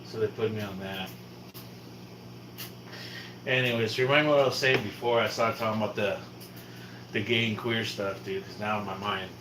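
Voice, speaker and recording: A man's voice: fairly low pitch, steady tone, normal speed, long pauses, background noise. A man from California livestreaming casual chat, rambling and swearing, often trailing off and restarting. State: low blood sugar, shaky.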